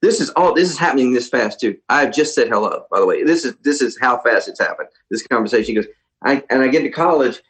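A man, a musician guest, telling a lively story in a casual interview, often mimicking others. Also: medium pitch, quick pace, poor audio.

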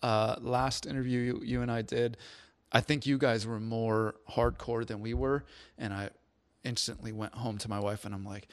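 A man's voice: mid-range voice, level tone, moderate pace, clear, resonant tone, dry recording. A man hosting a podcast, chatting casually and telling stories on himself with easygoing humor. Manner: easygoing, self-deprecating storyteller. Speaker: podcast host.

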